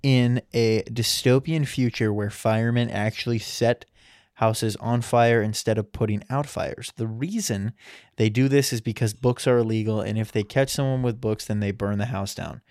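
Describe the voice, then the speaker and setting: A young man co-hosting a casual podcast, relaxed and rambling with lots of fillers. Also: on the low side, normal speed, no room sound, studio quality. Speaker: podcast co-host.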